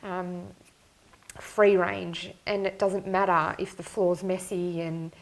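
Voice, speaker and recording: A woman's voice: lowish voice, little pitch movement, slow, poor audio. A young woman hosting a podcast, talking in an open, heartfelt and casual way. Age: young adult. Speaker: podcast host. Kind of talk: casual chat.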